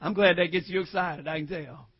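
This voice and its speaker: A man preaching a sermon, moving between quiet asides and shouted, tearful climaxes and calling on the congregation to repeat lines after him. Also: a little high, fairly even intonation, brisk, slightly rough, muffled recording.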